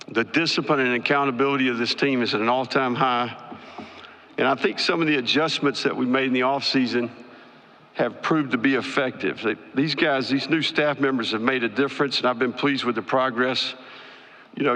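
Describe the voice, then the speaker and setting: A man who is a college football head coach giving a measured opening statement at a press conference. He lists his points one by one, with a few "you know" fillers. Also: medium pitch, fairly bright tone. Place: large conference hall at a media event. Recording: long hall reverb.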